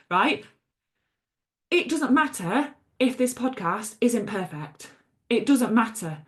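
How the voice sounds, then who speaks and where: An English podcast host and coach speaks directly to her listeners in an unscripted solo episode. Her voice sits at an ordinary middle pitch for a woman, and she's chatty and emphatic, tossing in "okay?" and "right?" and swearing bluntly and freely.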